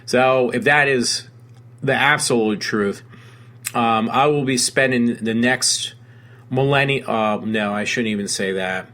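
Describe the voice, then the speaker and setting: A man's voice: mid-range voice, a little slow, fairly bright tone. A man hosting a casual solo talk show, rambling with many fillers, restarts and self-corrections. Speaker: podcast host.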